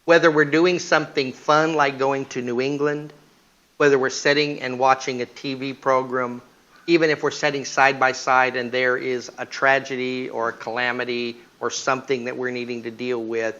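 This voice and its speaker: A man giving a humorous marriage seminar talk, telling stories and acting out husband and wife lines in a lively way. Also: medium pitch, moderate pace, muffled recording. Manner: animated, acts out husband and wife dialogue. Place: church hall.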